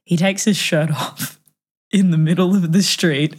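A young woman telling a dating story in casual chat, animated and self-mocking, acting out the quotes. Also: on the low side, unhurried.

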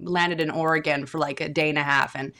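In a casual interview, a woman guest actor from British Columbia, Canada, speaks in a low, steady, pushed and bright voice at a brisk pace. She chats freely, with fillers and frequent laughs.

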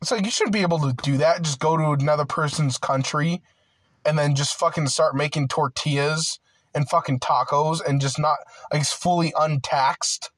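A man's voice: on the high side, fairly even intonation, moderate pace, a bit bright, no echo, poor audio. Profane ranting man, dry sound. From United States. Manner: profane, rambling, filler-heavy with many "like"s and restarts; aggrieved and heated. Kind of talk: casual ranting monologue.

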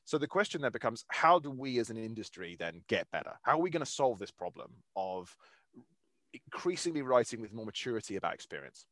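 A man's voice: mid-range voice, big pitch swings, brisk, fairly bright tone, no room sound. A man hosting a podcast, speaking in a thoughtful, articulate way with fairly abstract wording. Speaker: podcast host. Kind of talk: casual podcast interview.

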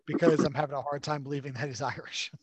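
Sarcastic rambling man, fairly high voice. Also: steady tone, fast, husky, no echo. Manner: rambling, sarcastic, swears freely. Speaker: podcast co-host. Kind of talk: casual movie podcast chat.

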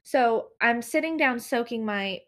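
Chatty young woman, high voice. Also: measured pace. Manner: chatty storyteller, acts out quotes with lively pitch jumps. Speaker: podcast co-host. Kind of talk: casual chat.

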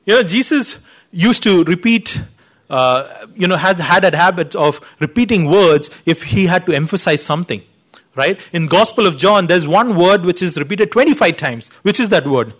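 A man's voice: high-pitched, expressive, moderate pace. A man preaching a sermon, teaching earnestly, pushing his voice up for emphasis and often saying "you know".

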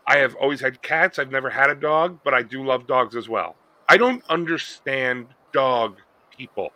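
A man's voice: medium pitch, lively intonation, pushed and bright, no room sound, rough recording. A man co-hosting a podcast, riffing jokily in casual banter. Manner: quick, jokey riffing. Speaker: podcast co-host.

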